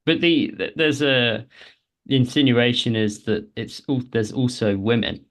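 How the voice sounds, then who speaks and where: A man's voice: mid-range voice, measured pace. A man co-hosting a podcast, explaining game lore in a casual, hesitant way, often restarting his phrases. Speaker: podcast co-host.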